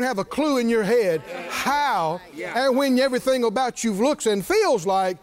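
Man preaching, high voice, swooping pitch, calls and shouts to the congregation. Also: expressive, a little slow, hardly any pauses, a crowd in the background. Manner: preaching with call-and-response, rising to shouts. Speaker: pastor. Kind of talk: sermon.

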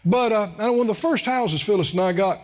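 A man's voice: sits high, fast. A middle-aged man preaching a sermon in a folksy, emphatic way, repeating phrases for stress.

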